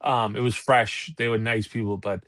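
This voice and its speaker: A man, co-hosting a casual talk show and telling profane, animated stories. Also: on the low side, moderate pace, dry recording, studio quality. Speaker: podcast co-host. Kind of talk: casual chat.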